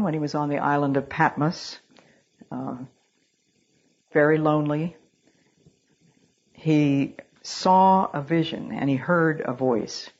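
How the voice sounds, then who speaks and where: A woman with a low, husky voice preaches a sermon on a dull, lo-fi recording. She speaks earnestly and reads scripture in a solemn, old-fashioned cadence. Her stories unfold steadily. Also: darkish tone. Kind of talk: sermon with storytelling.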